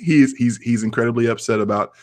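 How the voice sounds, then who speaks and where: A man hosting a casual sports podcast, playful and quick to laugh as he reads out the chat. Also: mid-range voice, darkish tone, no echo. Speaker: podcast host.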